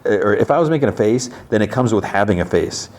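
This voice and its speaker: A man's voice: fairly low pitch, expressive, fast, darkish tone, voice pushed up, natural voice. A man voicing a jokey male soldier who gets flustered and makes excuses. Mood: flustered, joking.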